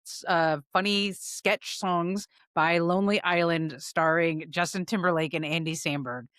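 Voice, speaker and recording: A woman's voice: lowish voice, fairly even intonation, unhurried, fairly bright tone, no room sound, clean studio sound. A woman co-hosting a casual podcast, bantering in a playful, upbeat way. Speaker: podcast co-host.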